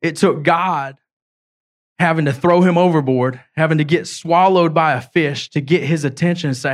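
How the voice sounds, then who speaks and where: A man preaching a sermon as an evangelist, retelling a story in casual words and reading scripture aloud with halting slips. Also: on the high side. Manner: storytelling, voicing characters in a casual way.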